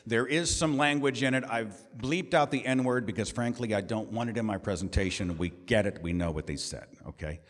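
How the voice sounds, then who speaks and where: A man's voice: on the low side, fairly quick, hardly any pauses, big-room sound. A man giving a talk, with a conversational manner and many rhetorical questions. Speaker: guest speaker. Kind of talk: lecture presentation. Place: lecture hall.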